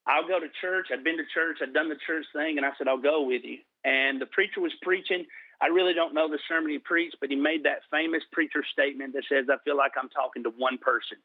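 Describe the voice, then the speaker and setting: A middle-aged man telling his personal testimony in an interview, earnest and slowing down for emphasis. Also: on the high side, dry recording. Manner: earnest storytelling, slows for emphasis. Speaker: guest sharing testimony. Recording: tinny phone-like line.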